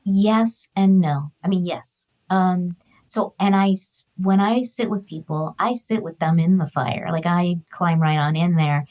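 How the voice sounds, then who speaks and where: A middle-aged woman speaks earnestly in a fairly low voice. She shares her feelings openly and reflectively. The recording is somewhat dull and lo-fi. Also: unhurried, a little mellow. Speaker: guest, author and grief counselor. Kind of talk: heartfelt conversational storytelling.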